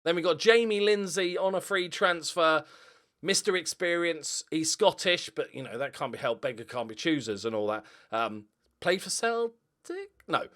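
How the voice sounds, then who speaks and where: A man's voice: fairly high pitch, expressive, moderate pace, a bit bright. A young man giving casual, joking commentary on his game, swearing freely and rambling through asides. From Northern Ireland. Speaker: gaming YouTuber.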